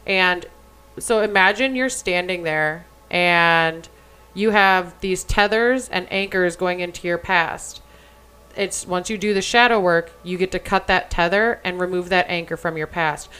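A woman's voice: on the low side, unhurried, pushed and bright, smooth, rough recording. A young adult woman co-hosting a podcast in casual chat, talking bluntly and emphatically and swearing freely. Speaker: podcast co-host.

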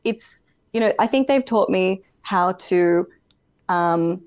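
A woman's voice: on the low side, slow, darkish tone, clear, resonant tone, muffled recording. A young woman, a pageant contestant, chatting as a guest in a live interview over a video call. She is bubbly, giggles often, and says "like" a lot. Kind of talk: casual interview chat.

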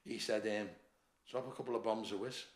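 A bodybuilder and gym owner from Liverpool, England, with a Scouse accent, tells animated anecdotes on a podcast, swearing heavily and saying "mate" and "lad" a lot. His voice is lowish and fairly quick, and the recording has a roomy echo.

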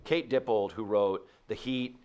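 A man, a comedian, chatting casually and telling rambling, animated stories with lots of restarts. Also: fairly low pitch, measured pace, clear, resonant tone. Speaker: comedian guest. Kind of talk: casual podcast chat.

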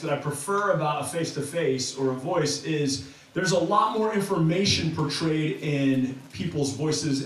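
High-pitched guy preaching, chatty and stop-start, big echoey church sound from a ways off. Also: fairly bright tone, far from the mic, slight background noise. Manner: conversational, many restarts and fillers. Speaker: pastor. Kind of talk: sermon. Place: church sanctuary.

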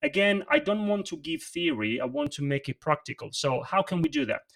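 A man who is not an English speaker coaches presenters in a livestream, demonstrating emphasis as he goes. His voice rises and falls with energy and has a gravelly texture. He sits a little back from the microphone. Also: a little high, fairly quick, distant mic. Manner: animated, practical, demonstrates vocal emphasis. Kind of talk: livestream interview.

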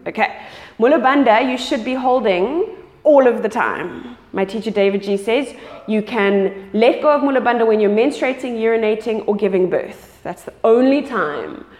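A woman's voice: a little high, animated, moderate pace, darkish tone. Yoga teacher woman in an echoey studio. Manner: guiding, checks in with frequent "okay". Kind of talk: live yoga class instruction. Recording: echoey studio with long reverb.

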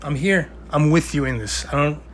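A man's voice: on the high side, moderate pace, a little hiss or hum. Earnest man giving a Torah talk. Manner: earnest, conversational, uses Hebrew and Yiddish terms. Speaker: Torah speaker.

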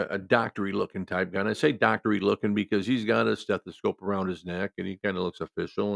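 A man's voice: fairly low pitch, creaky, no echo. A man telling a rambling hospital anecdote in a casual way, with many restarts. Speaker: storyteller.

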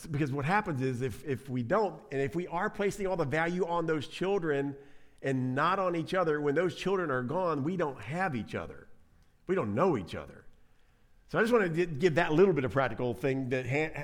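A man preaching a sermon in an animated, conversational way. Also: fairly high pitch, brisk. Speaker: pastor.

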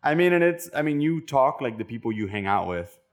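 A young man from Miami with a Miami accent, co-hosting a podcast in animated, joking casual chat. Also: mid-range voice, brisk. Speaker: podcast co-host.

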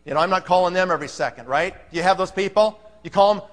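A man's voice: high-pitched, very fast. A man giving an emphatic, pumped-up motivational talk to a live audience, firing off rhetorical questions. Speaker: motivational speaker. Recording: long hall reverb.

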